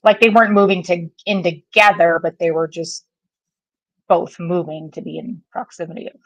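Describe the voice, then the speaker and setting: A woman's voice: on the low side, steady tone, normal speed, no room sound, highs cut off. A woman in a casual true crime discussion who keeps asking curious questions and thinks aloud, talking over a laptop call. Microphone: laptop video call.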